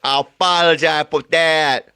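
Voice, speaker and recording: A man's voice: fairly high pitch, fairly even intonation, measured pace, sharp tone, clear, resonant tone, no room sound. A man playing a stern crime boss in a mock film scene, curt and dismissive. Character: stern male crime boss who hates lateness.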